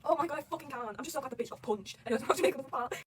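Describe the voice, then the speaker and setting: A woman talking loudly and excitedly about a manga, swearing constantly in casual fan commentary. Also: high-pitched, very fast, far from the mic, slight background noise. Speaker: manga reaction vlogger.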